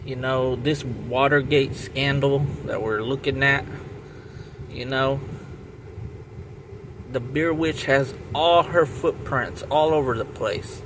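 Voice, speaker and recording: Slow, rambling man over street noise. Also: mid-range voice, steady tone. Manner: rambling, repeats words and restarts, many fillers. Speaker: vlogger telling a story. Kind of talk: rambling casual storytelling. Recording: loud traffic and outdoor noise.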